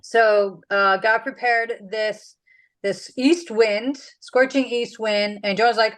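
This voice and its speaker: A woman's voice: fairly high pitch, fairly even intonation, slow pace, a bit bright, poor audio. Chatty woman leading a Bible study. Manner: chatty, with many "like"s and "um"s. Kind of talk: casual Bible teaching.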